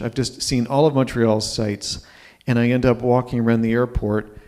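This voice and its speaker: A man's voice: mid-range voice, darkish tone. A man in his fifties telling a personal story live on stage, conversational and checking in with the audience. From Ontario, Canada.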